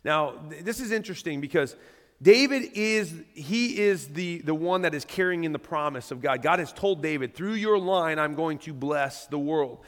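High-voiced pastor in a reverberant hall. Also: male voice, normal speed. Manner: conversational, animated, reads scripture aloud. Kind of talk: sermon. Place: church stage. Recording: long reverb of a church hall.

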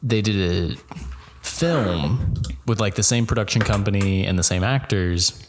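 A man's voice: on the low side, measured pace, noisy background. A man, chatting casually as a podcast co-host, rambling with many fillers and restarts. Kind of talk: casual chat.

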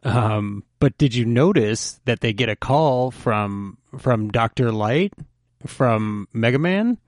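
A man's voice: medium pitch, lively intonation, takes it slowly, dry recording, studio quality. A man hosting a casual anime podcast, teasing his co-hosts and joking around with plenty of fillers. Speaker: podcast host.

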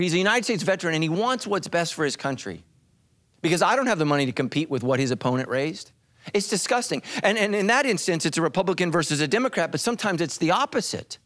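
A man preaching a sermon as pastor, dramatic and animated, acting out voices as he tells the story. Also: high voice.

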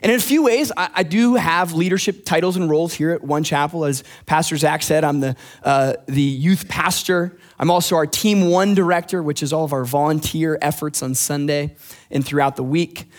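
A man's voice: a little high, fairly even intonation, normal speed. A young man preaching a casual sermon as youth pastor, friendly and joking with the congregation.

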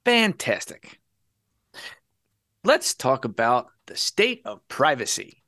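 A podcast host with a mid-range voice sets up the topic slowly in a casual chat. His delivery is wry, sarcastic and lively, and the recording is clean studio sound with no room echo.

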